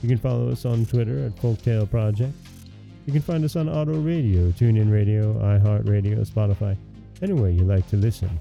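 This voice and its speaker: A man hosting a podcast, calmly reading a fairy tale aloud in a measured way. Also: on the low side, creaky, lo-fi sound, soft background music. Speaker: podcast host and storyteller. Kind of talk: scripted storybook narration.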